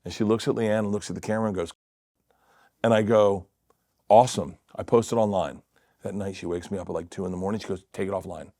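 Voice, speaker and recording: Low-voiced man telling rowdy stories. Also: fast, dry recording, clean studio sound. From Florida. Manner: animated storyteller acting out family quotes, cursing, laughing. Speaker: comedian guest. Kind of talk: casual storytelling chat.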